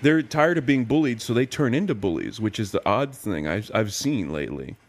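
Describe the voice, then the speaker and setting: A man co-hosting a podcast in casual chat, talking in a flat monotone, rambling and laughing at his own jokes. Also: lowish voice, brisk. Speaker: podcast co-host.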